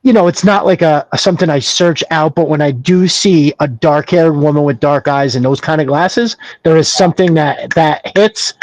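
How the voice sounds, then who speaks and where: A man's voice: a little high, normal speed, few pauses, a little mellow, no echo, rough recording. A man who is a guest on a casual podcast chat, talking in a reflective way and searching for his words.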